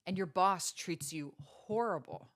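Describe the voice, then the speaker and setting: A woman's voice: fairly low pitch, measured pace. A woman hosting a podcast, giving earnest, preachy motivational talk with faith references and many rhetorical questions. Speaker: podcast host.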